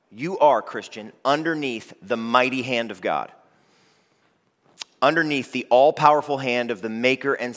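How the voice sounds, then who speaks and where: A man's voice: medium pitch, fairly bright tone. Man preaching in an echoing hall. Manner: emphatic preaching with repeated phrases and rising scripture readings. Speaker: pastor. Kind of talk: sermon. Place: church sanctuary. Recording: long reverb of a church hall.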